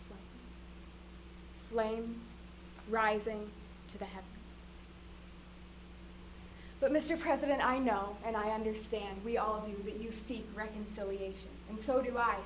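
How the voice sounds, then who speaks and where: A woman's voice: on the high side, fairly bright tone, a little hiss or hum, poor audio. A woman giving an impassioned, solemn recitation of a formal speech. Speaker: performer.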